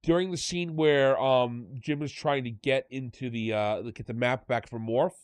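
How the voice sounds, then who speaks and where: This man's mid-range voice is smooth, with fairly even intonation and a moderate pace, captured in a dry recording. Hosting a relaxed podcast, he tells a rambling story and keeps fixing his own details.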